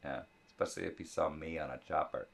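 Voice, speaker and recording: A man's voice: extremely low pitch, fast talker, creaky. A man co-hosting a podcast, chatting casually with a joking, profane manner. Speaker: podcast co-host. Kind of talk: casual chat.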